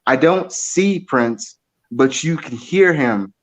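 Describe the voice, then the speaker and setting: A man in his twenties, a drummer, telling stories in a casual interview, animated and repeating his words. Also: medium pitch, slow pace, rough recording. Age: 20s. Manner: animated storyteller, repeats words, acts out quoted voices. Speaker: drummer and guest.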